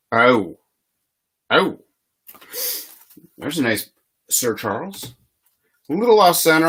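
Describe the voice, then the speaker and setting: A man's voice: medium pitch, fairly bright tone. A man hosting a live trading card box break, reading player names in a chatty, easygoing way and laughing often.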